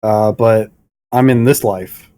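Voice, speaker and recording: A man's voice: fairly low pitch, steady tone, takes it slowly, mellow, clean tone. A man with a cold and a stuffy nose, chatting in a laid-back, joking way on a podcast. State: congested with a cold. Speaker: podcast co-host. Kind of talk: casual chat.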